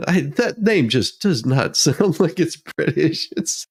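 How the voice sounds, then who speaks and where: Male host of a joke news show who can't stop laughing while he reads; unhurried and animated. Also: on the high side, breathy edge. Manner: giggly, keeps breaking into laughter while reading. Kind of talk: comedic news commentary.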